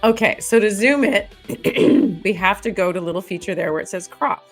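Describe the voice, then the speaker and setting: A woman's voice: medium pitch, expressive, normal speed, faint music behind. A woman hosting a casual editing tutorial, thinking aloud as she works and laughing often. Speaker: host.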